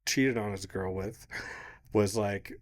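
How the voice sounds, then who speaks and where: Low-voiced man telling a rambling story. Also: fairly even intonation, takes it slowly. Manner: rambling, swearing, laughing mid-story, quoting others. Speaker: podcast co-host. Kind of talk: casual storytelling chat.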